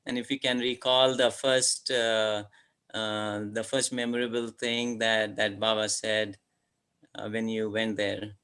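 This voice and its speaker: Slow, smooth-voiced man asking questions. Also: on the low side, level tone, pushed and bright. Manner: hesitant, with frequent fillers. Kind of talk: casual questions. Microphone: video call.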